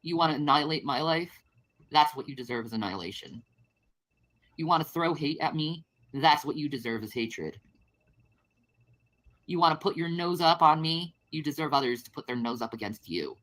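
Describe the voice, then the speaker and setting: Low-voiced woman ranting bitterly. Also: expressive, normal speed, a bit bright. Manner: bitter, accusing. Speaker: livestreamer. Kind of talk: livestream rant.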